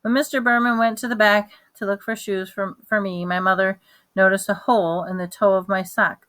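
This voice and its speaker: A woman reading a children's novel aloud in plain, even storytelling, with small restarts. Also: medium pitch, a little fast. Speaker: reader.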